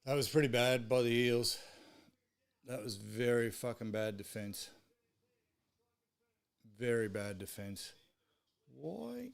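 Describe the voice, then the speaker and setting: A man's voice: mid-range voice, animated, slow pace, creaky, long pauses. A man with an Australian accent hosting a live sports stream, swearing freely as he tells exasperated stories. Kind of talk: casual ranting chat.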